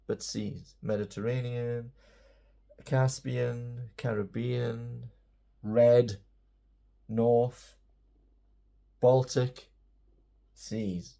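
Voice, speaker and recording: A man's voice: medium pitch, vocal fry, dark tone. A man giving a casual, playful English lesson, chatty and self-mocking. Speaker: English teacher.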